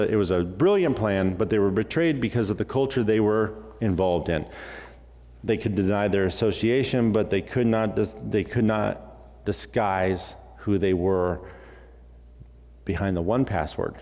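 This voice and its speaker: A man preaching a sermon as pastor. He talks in an animated way, acts out bits of dialogue and throws in jokey asides. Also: on the low side, big-room sound. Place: church sanctuary.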